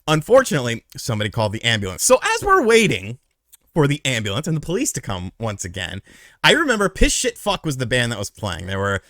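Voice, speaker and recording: A man's voice: mid-range voice, wildly swooping pitch, fast talker, a bit bright, no echo, studio quality. A man in his thirties telling a story in a casual, rambling, profane way.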